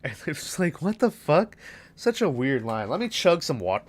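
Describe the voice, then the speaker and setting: A man's voice: medium pitch, big pitch swings, normal speed. A young man co-hosting a podcast, casually recapping a movie in a rambling, profane way and acting out its lines. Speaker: podcast co-host.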